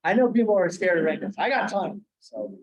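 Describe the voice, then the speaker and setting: Animated man coaching in an echoey room. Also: sits high, fairly quick, lo-fi sound. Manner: animated, demonstrates tones with acted quotes. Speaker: sales trainer for realtors. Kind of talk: live training session.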